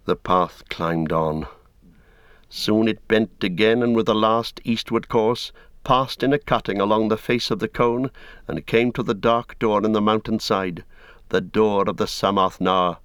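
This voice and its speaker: A man reading a story aloud in measured, solemn narration. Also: fairly low pitch, steady tone, a bit bright, smooth, no echo, clean studio sound. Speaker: audiobook narrator. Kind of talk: scripted narration.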